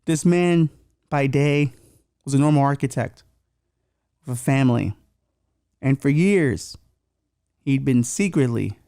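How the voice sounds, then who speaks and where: A man hosting a comedy podcast, delivering sarcastic, deadpan rants with crude jokes. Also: medium pitch, gravelly, no echo, clean studio sound. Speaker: podcast host. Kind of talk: comedic monologue.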